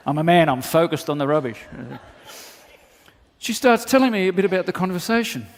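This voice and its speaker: A man preaches a sermon in a fairly high voice, joking with his congregation and acting out snatches of everyday conversation. His words carry a long reverb from the hall around him. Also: lively intonation, moderate pace. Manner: humorous, acts out dialogue, laughs often. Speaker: pastor.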